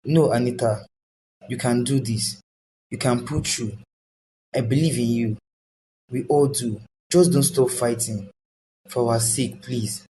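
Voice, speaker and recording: A man's voice: mid-range voice, unhurried, long pauses, mellow, lightly acted. A man voicing an encouraging family friend in a cartoon drama, urgent and pleading. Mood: urging. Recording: noisy background hiss.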